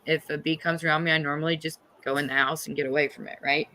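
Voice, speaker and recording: A middle-aged woman hosting a livestream, telling a story in a casual, animated and profane way. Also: low voice, fast talker. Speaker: livestream host.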